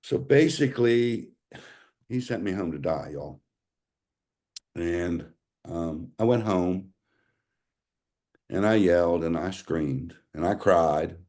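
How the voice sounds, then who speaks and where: A man's voice: low voice, expressive, takes it slowly, pauses often, a little mellow. A man, earnestly telling his own story to an audience and calling them y'all. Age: 60s. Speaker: speaker sharing a health testimonial. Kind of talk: personal testimony to an audience.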